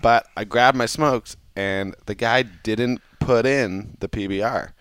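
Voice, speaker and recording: A man's voice: mid-range voice, slow pace, a bit bright, clean tone, no room sound, clean studio sound. A man from Canada, a guest on a casual podcast, telling stories in a self-deprecating way and laughing often.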